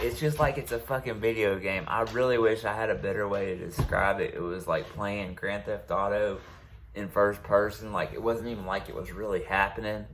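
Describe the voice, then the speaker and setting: Guy with a lowish voice telling a long story on his channel, swears a lot, lots of ums and restarts. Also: a little hiss or hum. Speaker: channel host. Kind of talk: casual personal storytelling.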